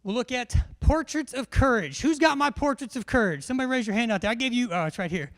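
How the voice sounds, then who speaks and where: A man's voice: very high voice, lively intonation, fast talker, fairly bright tone. A man, a military instructor giving a live classroom briefing in a large hall, joking and quizzing his audience.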